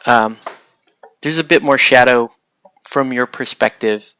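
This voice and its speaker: A man chats his way through a painting tutorial, thinking out loud and often leaving sentences unfinished. His voice sits at a middle pitch. The sound is dry and close, with no room echo. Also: a little slow, clear, resonant tone. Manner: relaxed, thinking aloud while painting, trailing off mid-sentence. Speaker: miniature painting host. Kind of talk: casual painting tutorial talk.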